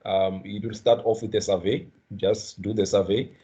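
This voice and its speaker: A man's voice: on the low side, little pitch movement, moderate pace, dark tone. A man from the Eastern Cape with a South African accent, leading an online class, checking in with students and often repeating words. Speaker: guest trainer. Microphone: video call. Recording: dull lo-fi video call audio.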